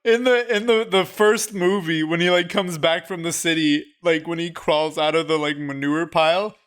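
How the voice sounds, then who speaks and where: A man's voice: on the high side, fairly even intonation, normal speed, a bit bright, clear, resonant tone. Laughing, upbeat man retelling film scenes. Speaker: podcast co-host. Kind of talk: casual film chat.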